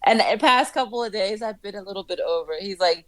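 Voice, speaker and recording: A woman as a podcast guest in casual chat, telling animated stories, swearing freely and laughing often. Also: mid-range voice, fast talker, dry recording.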